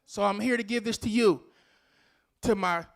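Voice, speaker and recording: A man's voice: sits high, moderate pace, gravelly. A man giving a rousing motivational speech at a conference, calling out questions to the audience and repeating key phrases. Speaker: conference speaker. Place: conference venue before a live audience.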